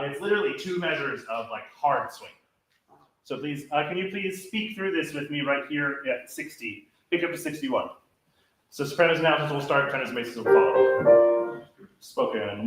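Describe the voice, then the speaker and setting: Choir director in a very echoey hall. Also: male voice, on the high side, normal speed. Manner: energetic, coaching, sings example phrases. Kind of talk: choir rehearsal instruction. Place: large echoey rehearsal hall. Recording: very echoey hall, faint music.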